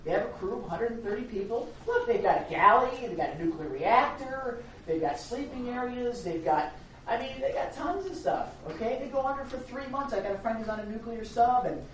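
A woman pastor preaching a sermon in a rambling, chatty way, with sudden loud emphasis. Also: fairly high pitch, lively intonation, brisk, slight background noise. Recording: echoey hall, distant dull mic.

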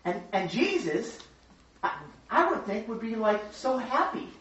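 A man leading a group Bible study, teaching excitedly and acting out voices of the crowd as he goes. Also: very high voice, slight background noise. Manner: excitable, acts out crowd voices, talks fast in bursts. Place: room with a small study group. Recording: echoey room, distant mic, dull lo-fi sound.

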